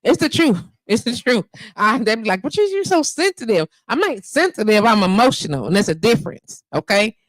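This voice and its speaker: Woman in her 50s hosting a live show from home, animated and slangy, dry close mic sound. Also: mid-range voice, a little fast, no room sound, poor audio. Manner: animated, emphatic and chatty, lots of slang. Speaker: show host. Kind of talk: casual live radio show chat. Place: home studio. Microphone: handheld mic at home.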